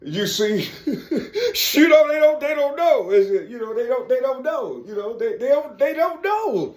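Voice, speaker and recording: A man ranting in a preachy, profane spiritual monologue, often shouting and checking in with the listener. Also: very high-pitched, big pitch swings, a little slow, echoey room. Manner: preachy, profane, keeps asking "you see"; bursts into shouting and laughter.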